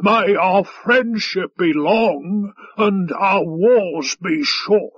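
A man voicing a loud, blustering alien officer who shouts and drags out his words. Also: high-pitched, breathy edge, dry recording, lo-fi sound, voice pushed up, heavily acted. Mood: pompous. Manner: shouting, slow and drawn out.

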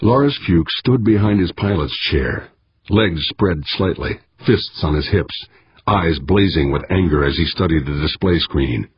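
A man with a raspy voice reading a story aloud in a measured way. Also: sits low, expressive, dry recording, highs cut off. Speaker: audiobook narrator. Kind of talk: scripted narration.

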